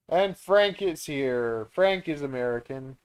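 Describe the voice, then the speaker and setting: A man's voice: fairly high pitch, clean tone. A man, hosting a live Q&A stream in a rambling, easygoing way. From Canada. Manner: chatty, rambling, laughs easily. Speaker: reptile breeder and stream host.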